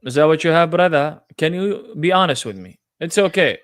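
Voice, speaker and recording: A man's voice: on the high side, expressive, normal speed, a bit bright, no room sound, clean studio sound. A man hosting a live-streamed religious debate, talking in a confrontational, mocking way. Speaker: debate livestream host.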